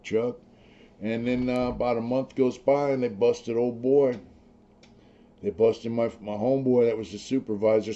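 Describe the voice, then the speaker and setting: A man's voice: lowish voice, warm tone. A middle-aged man, a former prisoner, telling his story in blunt, streetwise talk full of slang and swearing. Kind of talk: casual storytelling, profane. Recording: slightly dull lo-fi audio.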